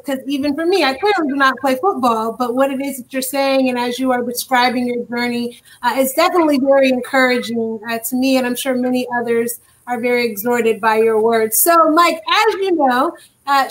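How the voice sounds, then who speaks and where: A woman's voice: high-pitched, fairly even intonation, normal speed, fairly bright tone, low-quality recording. A woman co-hosting a talk show, asking interview questions in an earnest, encouraging way. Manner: earnest, encouraging, faith-minded.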